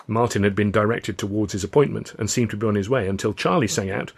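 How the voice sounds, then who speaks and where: Gravelly, wry male narrator. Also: lowish voice, quick pace, few pauses, a little mellow. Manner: wry storyteller's delivery. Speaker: author reading his novel. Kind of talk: scripted narration.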